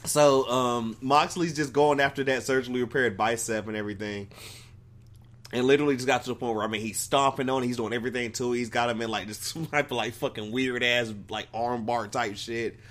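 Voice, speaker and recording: A man's voice: medium pitch, steady tone, fairly quick, a bit bright. A man co-hosting a podcast, recapping wrestling in rambling casual chat, swearing and laughing often. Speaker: podcast co-host.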